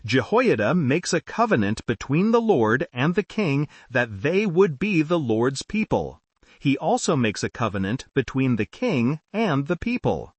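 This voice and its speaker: A man narrating a scripted Bible story in short, solemn, deliberate sentences. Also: medium pitch, breathy edge, no room sound.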